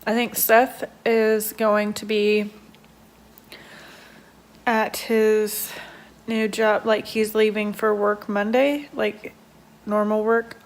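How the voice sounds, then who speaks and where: A woman's voice: medium pitch, flat delivery, takes it slowly, pauses often. A young woman at home, a stay-at-home mom chatting casually and rambling with lots of fillers in a day-in-the-life vlog.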